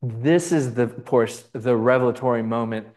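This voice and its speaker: In a mid-range, slightly mellow voice at a moderate pace, a Bible teacher lectures conversationally on gospel icons. His talk is peppered with fillers, restarts and asides, plus frequent check-ins of "right?".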